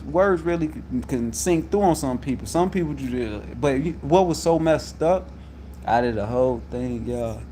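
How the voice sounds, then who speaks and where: A man telling a story about a workplace conflict, getting loud when he acts out what was said. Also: mid-range voice, a little hiss or hum. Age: adult. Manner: animated, loud when reenacting quotes. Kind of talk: casual storytelling to viewers.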